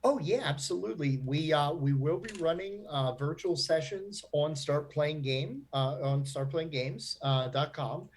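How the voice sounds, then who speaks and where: A man's voice: on the high side, a little slow, hardly any pauses, slight background noise. A man who founded a nonprofit, answering panel questions in a chatty way with lots of fillers. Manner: chatty, laughs often, many fillers.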